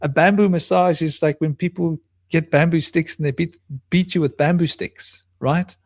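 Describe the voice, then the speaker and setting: A man's voice: a little high, steady tone, normal speed, no echo. A man chatting casually about spiritual topics on a video call, rambling with frequent restarts. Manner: talks in a soft baby voice to a small pet bird. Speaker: co-host.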